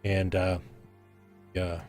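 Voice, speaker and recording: A man with a lowish voice narrates a tabletop role-playing game as game master. He talks loosely, filling pauses and circling back as he describes the scene. Faint background music plays beneath him. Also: monotone, a little mellow. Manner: rambling, many ums and restarts.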